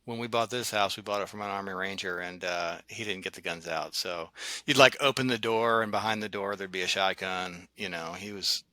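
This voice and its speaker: Interviewer asking stuff, relaxed and friendly, bright voice, dry close sound. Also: low voice, brisk, no room sound. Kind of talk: casual interview.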